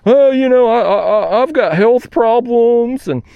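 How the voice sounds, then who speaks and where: A man's voice: extremely high pitch, a little slow, creaky, clean tone, no room sound, muffled recording, voice pushed up, exaggerated voice. A man mocking a whiny self-pitying neighbor. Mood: whiny pleading. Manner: pleading, stammering, self-pitying. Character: whiny apologetic middle-aged male neighbor playing victim. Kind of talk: mimicking a neighbor in a story.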